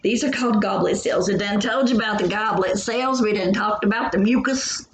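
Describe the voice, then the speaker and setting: Speaking fairly quickly in a mid-range voice, a woman jokes and chats her way through a recorded biology lecture aimed straight at her students. The room echoes and a faint hum runs underneath.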